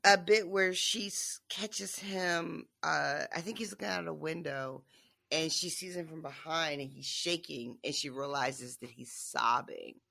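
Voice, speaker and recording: A podcast co-host in casual book discussion chat, talking in an animated way with frequent laughs and fillers. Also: medium pitch, measured pace, creaky.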